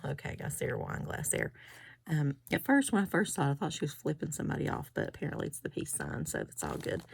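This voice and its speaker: A middle-aged woman chats her way through a haul video. Her voice sits low, with a gravelly fry. She rambles from one story to the next with little giggles along the way. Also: a little mellow. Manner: chatty, rambling, giggly asides. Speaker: crafting vlogger. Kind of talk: casual haul chat.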